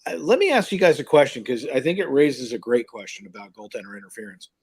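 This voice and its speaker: A man's voice: mid-range voice, sing-song, quick pace, a little mellow, husky. A man hosting a live hockey show, ranting animatedly and incredulously in casual sports chat.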